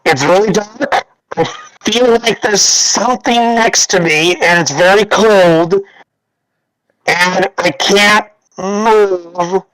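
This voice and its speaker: A man's voice: high-pitched, steady tone, brisk, gravelly, few pauses, a bit bright, no room sound, voice pushed up, poor audio. A man voicing a panicked, confused male deckhand who stammers and pleads in fright. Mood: frightened.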